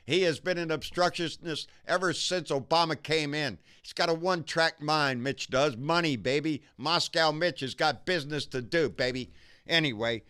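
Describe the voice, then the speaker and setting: Host: Texan man, bright clear voice, fired-up profane political rant. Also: a little high, normal speed. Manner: profane, fired-up, repeats "baby".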